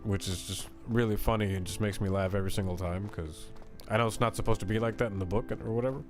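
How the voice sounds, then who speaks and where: A man streaming a video game, talking in a casual, excitable, chatty way and reading his chat aloud. His voice sits a little on the low side. Game music plays clearly behind him. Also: fast. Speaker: gaming streamer. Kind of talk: casual let's-play commentary.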